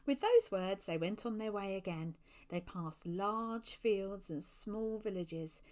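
A woman reads a children's story aloud slowly and with lively expression. Her voice sits at an ordinary middle pitch, and her tone shifts as the story moves along.

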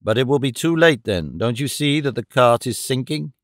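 A man's voice: mid-range voice, lively intonation, normal speed, no echo, clean studio sound, lightly acted. A man reading the part of an earnest mayor who urges a crowd in a pressing, pleading way. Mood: urgent. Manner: urgent, pleading.

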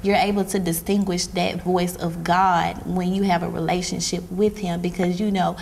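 A woman sitting on a church talk show panel who speaks in a plain, steady way. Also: on the low side, moderate pace, creaky, a little hiss or hum. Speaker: panel guest.

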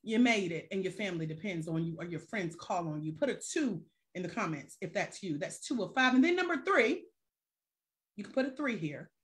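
A woman's voice: lowish voice, sing-song, brisk. A woman life coach on a live stream who talks straight to her viewers with casual slang and rhetorical questions.

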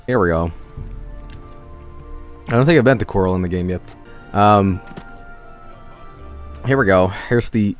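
A man's voice: on the low side, very animated, unhurried, long pauses, soft background music. A man streaming a game, joking around casually and slipping into silly voices. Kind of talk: casual gameplay commentary.

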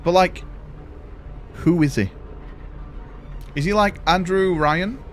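A man's voice: high voice, takes it slowly. A man casually chatting and swearing while streaming a video game, calling his viewers "boys" and thanking them.

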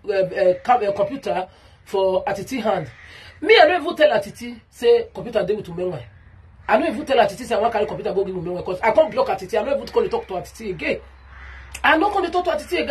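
Heated Nigerian woman, very husky voice. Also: on the high side. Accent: Nigerian Pidgin English. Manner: heated, repetitive, calls out someone by name. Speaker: vlogger. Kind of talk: ranting vlog monologue.

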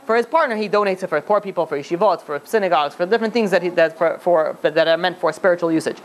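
A man's voice: high voice, quick pace. A man, a rabbi, telling a story in a lecture, with many restarts and fillers.

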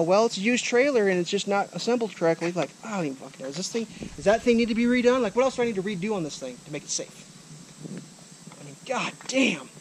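A man's voice: sits high, slight background noise. A man ranting to camera as a vlogger, frustrated, swearing often and repeating himself, recorded outdoors. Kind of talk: angry rant to camera. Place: outdoors by a trailer.

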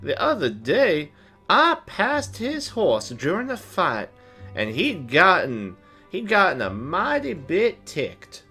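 A man's voice: high voice, wildly swooping pitch, slow, bright, forceful tone, husky, soft background music, voice pushed up, heavily acted. A man voicing a folksy Southern-talking young samurai in a visual novel let's play, drawling with homey phrases.

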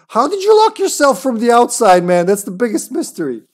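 A man's voice: very high-pitched, very animated. Jokey young man streaming a game. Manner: jokey, laughs often, quick asides. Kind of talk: casual gaming commentary.

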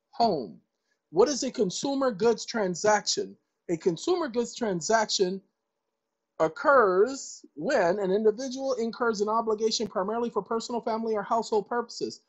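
A woman giving a casual lecture to viewers, reading legal definitions aloud and breaking into loud, emphatic asides with repeated phrases. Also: medium pitch, breathy edge, muffled recording. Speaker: online commentator.

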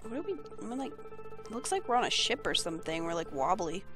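A woman's voice: mid-range voice, big pitch swings, a little fast, music in the background. A young woman giving casual, sarcastic and blunt let's play commentary.

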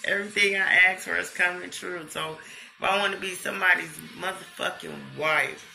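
Man, casual vlog chat, gushing and slangy, gravelly edge, high-pitched. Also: moderate pace, faint music behind. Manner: excited, gushing, laughs often. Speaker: vlogger.

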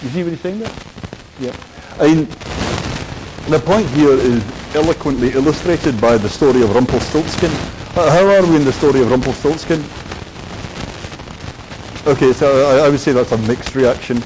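A man's voice: mid-range voice, moderate pace, pauses often, background noise. A man giving a university philosophy lecture, hesitant with many fillers and dry wit, in a lecture hall.

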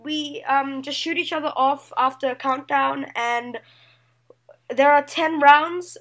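A woman co-hosting a casual gaming video, excitable and competitive, counting down rounds and yelling out loud when she loses. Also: sits high, takes it slowly. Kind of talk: casual game commentary.

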